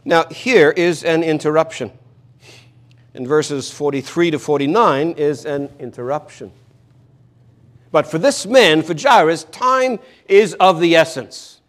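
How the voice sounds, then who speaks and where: Brief: male preacher, fairly high voice, earnest and emphatic, hammers home repeated lines. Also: a little slow. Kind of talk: expository sermon.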